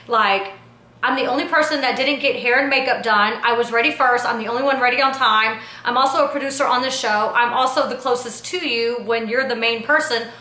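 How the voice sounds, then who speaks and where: A woman telling a behind-the-scenes story to camera in a casual recap, talking in an animated, indignant way full of slang like "yo" and "like". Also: fairly high pitch, a little fast. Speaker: reality TV personality and producer. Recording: echoey room.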